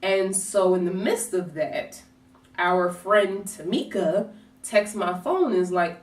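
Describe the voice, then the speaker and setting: A woman vlogger telling a personal story in a lively, casual way, swearing and acting out what people said. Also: lowish voice, slow. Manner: animated, swears, acts out quotes. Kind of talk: storytime vlog. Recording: roomy echo, distant from mic.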